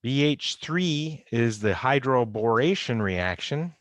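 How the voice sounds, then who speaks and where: A man's voice: medium pitch, expressive, takes it slowly, no room sound. A man giving an informal, wry recorded chemistry lecture, going over exam answers and talking straight to his students. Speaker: chemistry instructor. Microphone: close computer mic on a video call recording.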